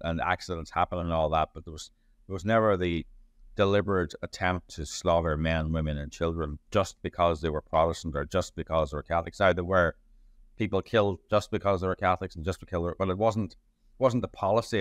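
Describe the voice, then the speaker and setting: A man's voice: low voice, no echo, studio quality. A man, a journalist answering interview questions in a rambling way, full of restarts and fillers. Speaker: journalist and playwright.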